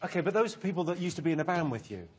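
A man hosting a comedy panel show, teasing the guests with deadpan jokes. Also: on the high side, racing. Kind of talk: quick-witted comedy hosting. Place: TV studio with audience. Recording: laughing studio crowd, loud noise.

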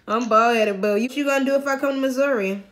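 A young woman from Massachusetts talks loosely to her followers on a phone held at arm's length. Her voice sits a little high, and her chat is full of slang, swearing and giggles. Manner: giggly, slangy, profane, talks straight to viewers. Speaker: vlogger. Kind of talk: casual chat on a video chat app.

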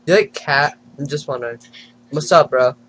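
A man's voice: fairly high pitch, moderate pace, a bit bright, slight background noise. A man hosting a casual prank video chat, giggling and teasing strangers on camera. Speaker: channel host.

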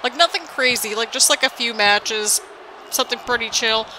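A woman's voice: a little high, normal speed, bright, forceful tone, slight background noise. A young woman hosting a gaming channel, chatting casually and rambling as she comments on a wrestling game. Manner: chatty, rambling, laughs often. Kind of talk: casual let's-play commentary.

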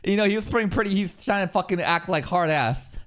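A man's voice: high voice, a little fast, a bit bright. A man streaming a casual video reaction, rambling, laughing and swearing often.

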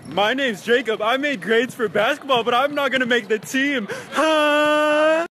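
A man's voice: extremely high pitch, a little slow, sharp tone. A teenage boy giving short, mocking roast self-introductions.

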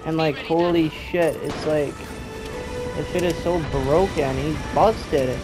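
A man's voice: a little high, steady tone, slow pace. A young man giving gameplay commentary, frustrated and swearing as he rants at the game he is playing. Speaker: gamer. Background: loud game music and gunfire.

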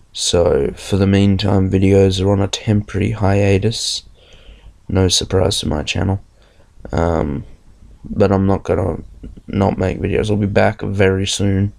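A man's voice: sits low, creaky, a little mellow. A sick young man, nearly losing his voice, giving a hesitant, rambling channel update from bed. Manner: rambling, hesitant with many ums. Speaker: gaming channel host. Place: bedroom, in bed.

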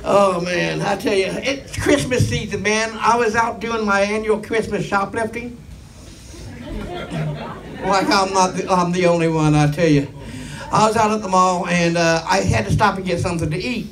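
Stand-up comic, middle-aged man, somewhat high voice, deadpan rambling delivery, mic a little far with faint noise. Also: normal speed, a crowd in the background. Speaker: stand-up comedian. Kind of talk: stand-up comedy set.

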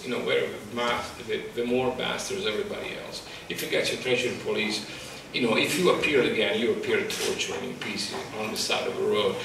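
A male photographer speaking about his exhibit in a halting, passionate way, searching for words, at a microphone. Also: medium pitch, gravelly, fairly bright tone, a little hiss or hum. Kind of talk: emotional public talk. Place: exhibit talk at a college, indoors. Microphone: microphone in front of him. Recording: echoey room, distant mic.

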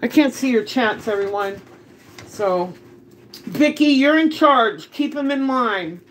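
A woman's voice: on the high side, animated, takes it slowly, a little hiss or hum. A woman hosting a casual live cooking stream from her home kitchen, chatty, laughing often and greeting viewers by name. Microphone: phone camera.

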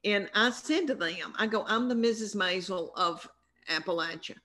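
A woman's voice: medium pitch, normal speed, bright, forceful tone. Middle aged southern lady, comedian, rambling chatty storyteller, self deprecating. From American South. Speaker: comedian guest. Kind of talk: casual storytelling interview.

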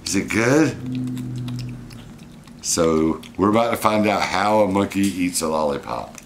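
A man's voice: sits low, animated, a little slow, gravelly, a little hiss or hum. A man, casually vlogging and coaxing his pet monkey in a playful way. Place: indoors at home with a pet monkey.

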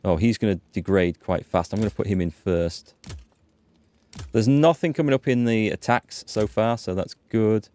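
A man's voice: on the low side, moderate pace, a little mellow. A man hosting a gaming channel, chatting and thinking aloud as he plays. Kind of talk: let's-play commentary.

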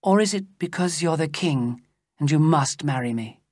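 A reader voicing a breathy young princess. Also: medium pitch, animated, normal speed, darkish tone, no echo, studio quality, natural voice. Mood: pleading. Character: young princess in love, tender and anxious.

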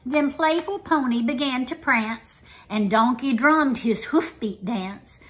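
High bright lady reading a kids' picture book, slow and singsongy. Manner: expressive, sing-song read-aloud. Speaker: storyteller.

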